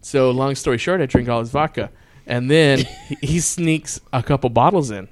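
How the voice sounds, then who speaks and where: A man's voice: mid-range voice, moderate pace, no room sound. A man casually telling a wild night-out story, swearing freely and breaking into laughter. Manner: profane, laughing, quotes people in voices.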